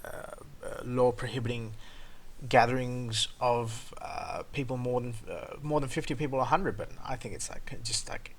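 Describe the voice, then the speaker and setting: A man telling a story as a vlogger, swearing a lot and swinging between loud outbursts and low mutters. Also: moderate pace. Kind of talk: casual storytelling rant.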